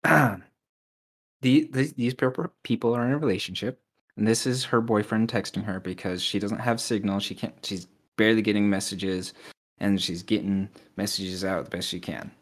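A man's voice: fairly low pitch, fairly even intonation, moderate pace. A man co-hosting a podcast, casually reading out texts and posts with mocking voices. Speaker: podcast co-host.

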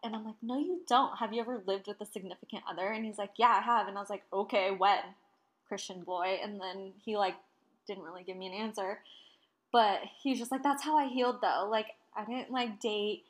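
With a mid-range voice and a fairly quick pace, a woman in her twenties animatedly relates a story in casual talk. Profanity comes easily to her, and she acts out the quotes.

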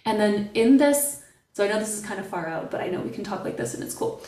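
Animated woman, echoey distant sound. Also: mid-range voice, quick pace. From Canada. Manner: animated, playful storyteller. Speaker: podcast guest. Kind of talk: casual podcast conversation.

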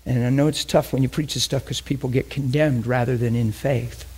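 A man's voice: medium pitch, steady tone, brisk, darkish tone, breathy edge. A man preaching in a conversational, emphatic way, often repeating phrases as he teaches. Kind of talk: sermon teaching.

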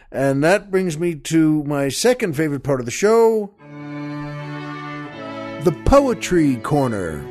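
A man's voice: mid-range voice, a little mellow. A man hosting a talk show, telling a joke in a folksy, rambling way and chuckling often. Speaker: host.

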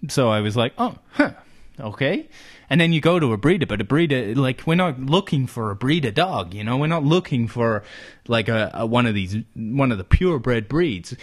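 A man's voice: mid-range voice, animated, a little fast. A man from Australia hosting a comedy podcast, telling a rambling story full of fillers and rhetorical questions. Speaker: podcast host. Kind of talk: casual comedic chat.

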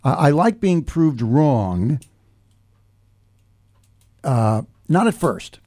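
A man's voice: a little high, big pitch swings, very slow, warm tone. An older man hosting a casual talk show, telling a reflective story in a meandering way with many restarts. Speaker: podcast host.

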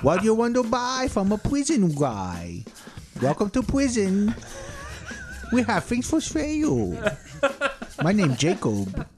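A man's voice: huge pitch swings, darkish tone, faint music behind, heavily acted. Guy doing a dopey inmate selling soap carvings, choppy broken english, bouncy voice. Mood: goofy. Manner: halting, broken-English sales pitch. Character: bumbling male prison inmate craft seller.

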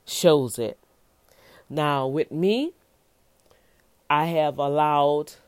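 A woman's voice: deep voice, a little mellow, no room sound. A woman in her fifties giving an informal devotional teaching as a minister, emphatic and folksy, repeating words for stress. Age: 50s.

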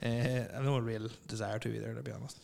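A man's voice: medium pitch, fairly even intonation, fast talker, creaky, a little mellow. A young man, co-hosting a casual chat with rambling, crude and laughing banter. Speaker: podcast co-host.

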